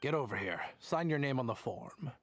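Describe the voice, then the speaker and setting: A man's voice: medium pitch, animated, moderate pace, slight background noise, lightly acted. An actor playing a haughty male academic official who talks in a posh, condescending way and doubts everyone. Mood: questioning. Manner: posh, condescending, skeptical, drawling. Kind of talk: game voice acting.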